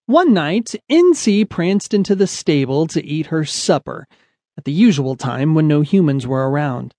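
A man narrating a children's picture-book story with a lively, expressive storytelling delivery. His voice sits a little high for a man. The studio recording is close and dead dry. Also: no room sound. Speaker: audiobook narrator.

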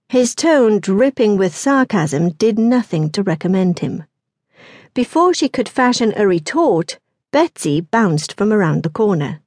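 A woman reads scripted audiobook narration, storytelling in a measured, expressive way. Her pitch is medium, and the recording is dry and of studio quality.

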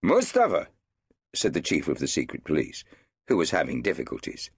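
A man narrating an audiobook in a wry, measured way. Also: extremely low pitch, slightly rough, dry recording, clean studio sound. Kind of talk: scripted narration. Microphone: studio microphone.

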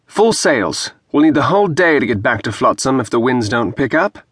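A man doing a gruff weathered sea captain. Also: medium pitch, sing-song, moderate pace, fairly bright tone, no echo, studio quality. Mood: commanding. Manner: gruff, rueful sailor's speech. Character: weathered older male ship captain, brooding.

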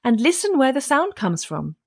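A woman's voice: sits high, big pitch swings, normal speed, slightly rough, no echo, studio quality, voice pushed up, full character voice. A woman playing a tiny cheeky boy. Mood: sly. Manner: perky, mischievous. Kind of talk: audiobook character reading.

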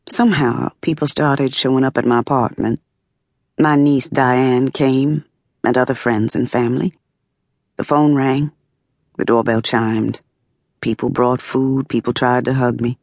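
A woman narrates a memoir in the first person, measured and expressive. Her voice carries a gravelly, creaky texture. The studio sound is dry and close. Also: a bass voice, no room sound. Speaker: audiobook narrator. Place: dry recording booth. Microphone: close studio mic.

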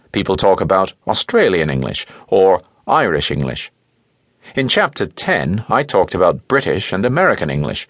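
A man reading a nonfiction audiobook in a clear, explanatory way, stressing each example, close to a studio microphone. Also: deep voice, no echo. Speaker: audiobook narrator. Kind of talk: scripted nonfiction audiobook narration.

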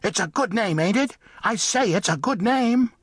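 A man voicing a small, cocky male mole in an audiobook, with a husky little voice like a hoarse mouse. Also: high-pitched, expressive, moderate pace, no room sound, clean studio sound, pitched above the performer's own voice. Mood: defiant. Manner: defiant, boastful, repeats himself. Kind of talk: audiobook character voice.

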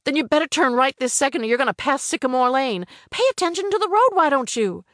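A woman voicing a sharp, insistent young woman. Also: high-pitched, lively intonation, quick pace, no echo, studio quality, voice pushed up. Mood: angry, defiant. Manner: sharp and insistent, rising to shouts. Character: young woman, defiant then terrified. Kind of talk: audiobook character voice.

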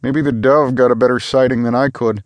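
A man's voice: medium pitch, steady tone, a little fast, no room sound, pitched above the performer's own voice, natural voice. A man doing a muttering, doubtful navigator. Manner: muttering, pessimistic. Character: gloomy doubting male ship navigator.

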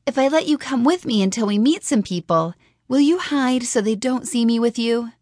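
A woman's voice: on the high side, normal speed, darkish tone, dry recording, studio quality, pitched above the performer's own voice, lightly acted. A woman voicing an earnest, practical young woman in a fantasy audiobook, speaking in a reasoning, slightly unsure way. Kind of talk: audiobook character voice.

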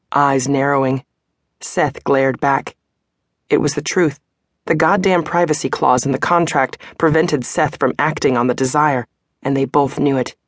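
A woman narrating a romance audiobook in a steady, even storytelling manner. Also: extremely low pitch, no echo, clean studio sound. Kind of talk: scripted narration.

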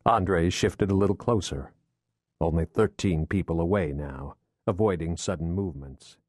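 A deep-voiced man narrates an audiobook in a recording booth, telling the scripted story in a steady, measured way. A close studio mic captures him with dry, studio-quality sound.

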